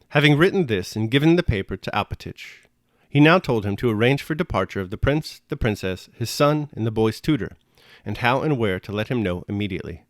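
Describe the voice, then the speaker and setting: A man reading a classic novel aloud in measured, expressive narration, then reflecting on the chapter. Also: fairly low pitch, no echo, clean studio sound. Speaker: reader and commentator.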